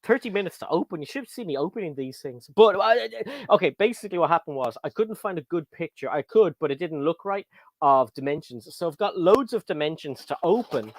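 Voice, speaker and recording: Irish male host, high-ish animated voice, dry sound, chatty. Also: brisk, no room sound. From Ireland. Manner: chatty, reads out viewer comments. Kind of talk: casual chat on a livestream.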